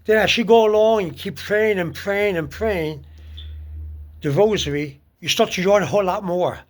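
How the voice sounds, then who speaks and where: A man giving casual spoken advice on prayer, halting often with fillers and restarts. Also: sits high. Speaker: speaker giving religious advice.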